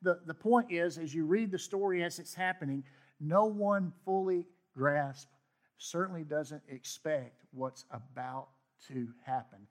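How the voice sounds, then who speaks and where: A man's voice: a little high, measured pace. A man preaching a sermon, reading scripture aloud with emphatic asides. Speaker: pastor.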